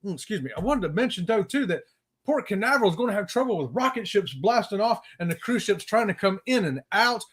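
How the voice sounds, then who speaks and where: A man's voice: sits high, lively intonation, fast talker, slightly rough. A middle-aged man with a Southern US accent co-hosting a casual live-stream chat, joking and folksy. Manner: joking, folksy, laughs at his own puns. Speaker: co-host of a live cruise chat show.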